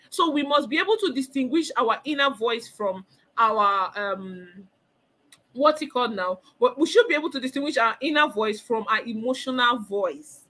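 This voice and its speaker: Woman, high voice, motivational counseling talk, emphatic, repeats herself for effect. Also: expressive, moderate pace, a bit bright. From Nigeria. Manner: emphatic, repeats phrases, acts out inner voices.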